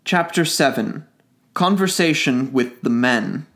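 A man reading a classic novella aloud as an audiobook narrator, in an even, clear storytelling manner. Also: medium pitch, slow. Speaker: audiobook reader.

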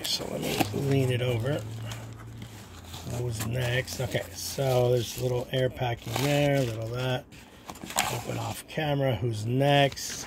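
A man casually chatting to viewers as he unpacks a box of baseball cards, talking to himself and dropping into whispers. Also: mid-range voice. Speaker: card collector vlogger. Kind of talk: casual unboxing chat. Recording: noisy home recording.

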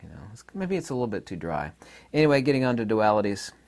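Guy with a really low voice going off on a long philosophy ramble, lots of ums and side tangents. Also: very animated, fast, a little mellow. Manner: rambling, digressive, with frequent fillers. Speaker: channel host. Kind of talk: unscripted philosophy monologue.

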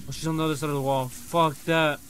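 Male streamer, slightly high voice, cursing, exasperated, calling out to a teammate, live game commentary. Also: flat delivery, fast talker, a bit bright, a little hiss or hum.

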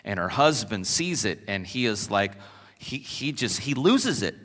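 A man preaching a sermon as pastor, animated and conversational, telling stories to his congregation in a church sanctuary. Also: lowish voice, unhurried. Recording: long church reverb.

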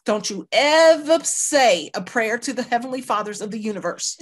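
A woman's voice: on the high side, animated, normal speed, slightly rough. A middle-aged woman from the United States, a lawyer guest, telling her life story candidly and emphatically, often saying "you know" and acting out what people said. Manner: emphatic, acts out quoted dialogue, peppers talk with "you know" and "right".

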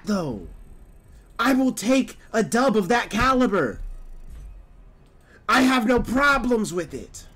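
A young man talking casually while livestreaming a game, loud and exaggerated, full of slang and mock complaints. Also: high voice. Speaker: game streamer. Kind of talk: casual gameplay livestream talk.

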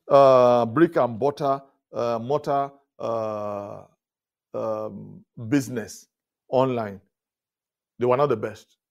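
A male pastor giving a leadership talk at a conference, telling stories with chuckles and repeated words, often rising loud for emphasis. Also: medium pitch. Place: conference stage before an audience.

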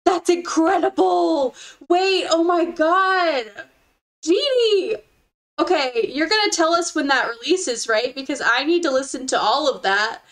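Bright and high-voiced, a young woman gushes and giggles while casually chatting with her stream viewers, effusive and warm toward the chat and full of excitement and affection. She talks at a moderate pace with few pauses.

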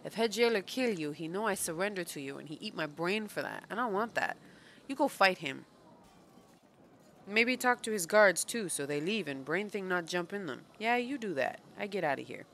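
A woman's voice: on the low side, animated, normal speed, fairly bright tone, slight background noise. A woman voicing a cowed male lackey from a fantasy game, a former pit king who talks in broken, verbless sentences. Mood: gruff. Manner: broken grammar, dropped verbs.

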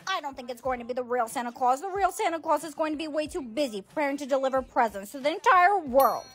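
A woman acting in comedic POV skits with a quiet, matter-of-fact delivery. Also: high voice, animated, fast. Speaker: skit creator.

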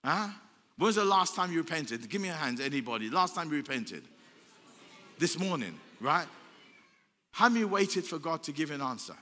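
A man's voice: fairly high pitch, sing-song, moderate pace, pauses often, pushed and bright. An older man preaching a sermon as pastor, emphatic and repetitive, asking the crowd rhetorical questions. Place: church hall. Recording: long church hall reverb.

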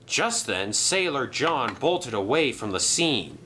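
Young man, storybook narrator, animated, dramatic, unhurried. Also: mid-range voice, a little hiss or hum. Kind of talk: storybook narration of a toy train film.

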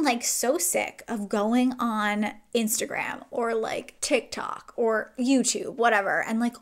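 Chatty young woman with a gravelly edge. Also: on the high side, fairly bright tone. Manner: chatty, rambling, peppered with "like". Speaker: beauty vlogger. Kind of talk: casual chat while doing makeup. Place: home, getting ready.

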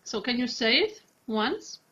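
A woman with a rather high, very animated, sharp-toned voice is coaching a singing student, and the audio is dull. As a vocal coach, she demonstrates lines slowly with drawn-out Italian vowels.

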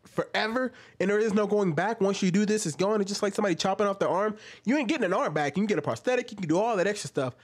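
A man's voice: high voice, very fast, hardly any pauses, slightly rough. A man giving casual reaction commentary on a video, incredulous and full of rhetorical questions. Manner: animated and incredulous, rhetorical questions, mimicking asides.

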